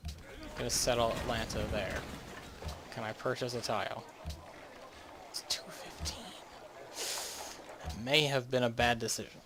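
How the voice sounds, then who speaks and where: A man's voice: mid-range voice, normal speed, noisy background. A young man from the northeastern United States, rambling and chatty with many restarts as he narrates his game. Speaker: gamer. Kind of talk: casual game commentary.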